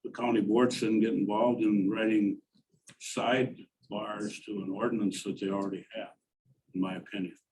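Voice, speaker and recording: A man's voice: fairly low pitch, flat delivery, moderate pace, distant mic, noisy background. A man on a committee giving his blunt opinion in a meeting discussion.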